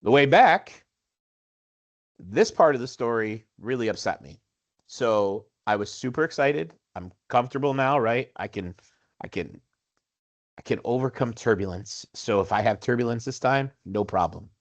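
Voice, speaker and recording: A man in his forties, a podcast co-host, telling a story in casual chat with animated, self-mocking humor. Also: on the low side, normal speed. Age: 40s.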